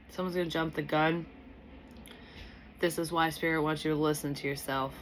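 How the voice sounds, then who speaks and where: Speaking low and a little slowly with little pitch movement, a young psychic medium works through a casual tarot reading. She restarts and loops back as she thinks out loud, swears offhandedly, and sounds entirely unscripted over a faint background hiss.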